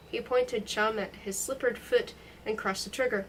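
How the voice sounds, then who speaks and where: A woman reading a novel aloud in a steady, expressive way. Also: on the high side, moderate pace, slight background noise, low-quality recording. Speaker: reader.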